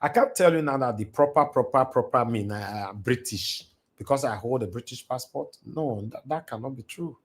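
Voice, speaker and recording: A man's voice: medium pitch, animated, moderate pace, husky. Preachy Nigerian man hosting a live stream. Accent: Nigerian, with Pidgin. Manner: preachy, repetitive, mixing English and Pidgin. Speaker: livestream host. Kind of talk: impassioned live-stream monologue. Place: alone in a large house. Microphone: computer mic on a live stream.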